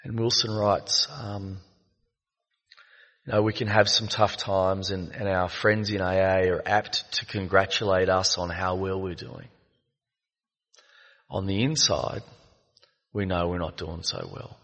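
A man giving a reflective personal share at a recovery meeting, telling stories with many halting fillers. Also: deep voice, fairly even intonation, a bit bright, muffled recording. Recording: long echo of a meeting hall.

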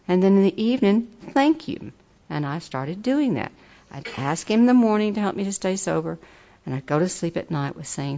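A woman's voice: on the low side, lively intonation, a little fast, warm tone, dull audio. An older woman giving an earnest, folksy personal testimony at a recovery meeting. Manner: earnest, folksy, turns enthusiastic and laughing.

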